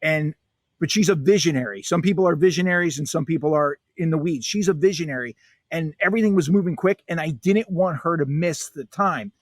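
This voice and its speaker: Emphatic high-voiced man telling stories. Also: a little fast, dry recording. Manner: emphatic, storytelling, punchy. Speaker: guest author. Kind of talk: animated podcast interview.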